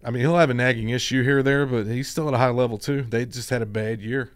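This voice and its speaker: A man's voice: medium pitch, fairly even intonation, fast, dry recording. Opinionated male sports-talk co-host, dry sound. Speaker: radio co-host.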